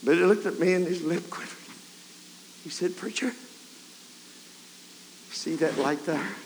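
A man preaching a revival sermon, telling a story and building to fervent shouts. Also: high-pitched, a little slow. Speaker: evangelist preacher. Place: large camp meeting hall or tabernacle. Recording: 1990s camp meeting tape, hall reverb, faint hiss.

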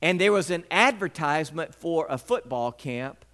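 A male preacher with a drawl tells stories from the pulpit. His voice sits a little high and swoops widely in pitch as he acts out scenes. He mixes plain teaching with playful, animated storytelling. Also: moderate pace. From Mississippi, US. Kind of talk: sermon with personal storytelling.

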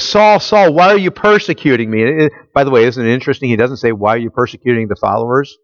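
Heard in a dull, lo-fi recording with no room sound, a mid-range male voice preaches a sermon. The pastor quizzes the audience and completes his own questions with the answers.

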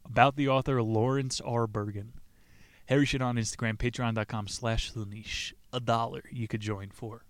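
A man's voice: mid-range voice, fairly even intonation, moderate pace. A man hosting a book podcast, brash and crude, cracking corny jokes and swearing between passages he reads aloud. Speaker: podcast host reviewing books.

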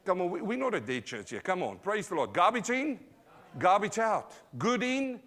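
A man with an Australian accent preaching a sermon live in church, emphatic, calling out to the congregation, swinging from loud to quiet. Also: sits high, huge pitch swings, normal speed. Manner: emphatic, call-and-response preaching. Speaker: pastor.

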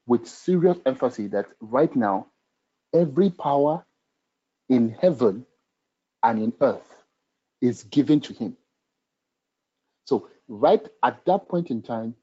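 Husky-voiced preacher, mellow and emphatic. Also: male voice, medium pitch, dull audio. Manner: emphatic, repeats phrases for stress. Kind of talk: sermon with scripture reading.

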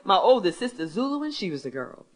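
A woman's voice: mid-range voice, sing-song, fast, voice pushed up, close to an everyday voice. A woman doing a folksy old uncle. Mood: kindly. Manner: drawling, homespun. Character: folksy elderly Southern great-uncle, kindly.

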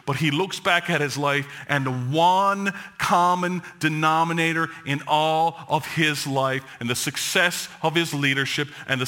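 A man preaching a sermon to his congregation, shifting between emphatic lines and low, quiet passages. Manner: dramatic preaching, drops low and soft for quoted words of God; joking with the congregation. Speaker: pastor.

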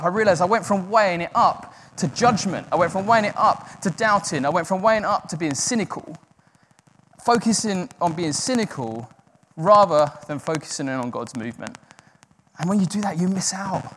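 A man's voice: fairly high pitch, a bit bright. A man preaching a sermon in an earnest, self-deprecating way, acting out the doubting voices in his head. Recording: long hall reverb.

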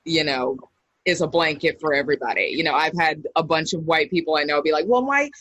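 A woman's voice: sits low, steady tone, fast talker, a bit bright. A woman, a podcast guest, talking casually and telling candid stories with a wry edge. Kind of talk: casual conversation.

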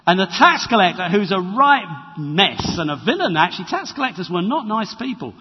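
Husky preacher in a church. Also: male voice, sits high, normal speed. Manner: conversational, animated preaching with dramatized quotes. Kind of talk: sermon. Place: church hall. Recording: reverberant, dull lo-fi church recording.

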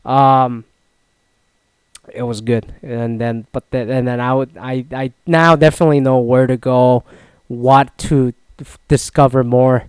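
A young man casually recounting a solo trip, rambling and swearing, with loud mock-outraged outbursts. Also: medium pitch, little pitch movement, a little slow, clean tone, no room sound. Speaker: vlogger recapping a solo trip. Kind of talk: casual profane storytelling.

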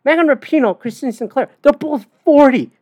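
A woman's voice: high voice, brisk, darkish tone, dry recording. A woman hosting a podcast, ranting bluntly and profanely in casual talk with many fillers. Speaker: podcast host. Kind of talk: casual opinion rant.

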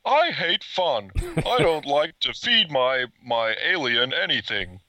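A man doing a high, whiny grumpy sitcom dad. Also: sing-song, takes it slowly, pushed and bright, no room sound, exaggerated voice, poor audio. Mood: grumbling. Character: grumpy middle-aged sitcom dad who hates fun. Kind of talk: comic impression on a podcast.

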